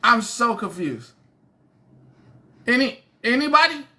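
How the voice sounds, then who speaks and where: Woman, livestream host, lively swooping pitch, confused, repeats herself, casual chat. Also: slow pace. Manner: bewildered, laughing, repeats herself.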